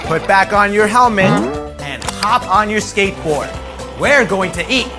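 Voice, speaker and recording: Slow, upbeat man hosting for preschoolers. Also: sits high, animated. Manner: upbeat, talks directly to young viewers; playful, acts out animals. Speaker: children's show host. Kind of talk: preschool educational presenting. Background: music.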